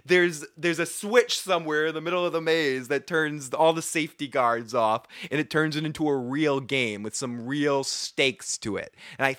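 A man's voice: a little high, moderate pace, hardly any pauses, a bit bright, dry recording, studio quality. A young man from Boston with a Boston accent, hosting a casual live recap chat, rambling and swearing freely with frequent laughs. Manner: profane, rambling, laughs often. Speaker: livestream show host.

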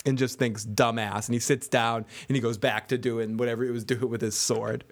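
A man co-hosts a casual recap podcast, swearing freely, laughing often and reading listener comments aloud. He speaks at a medium pitch, fairly quickly, in a level tone.

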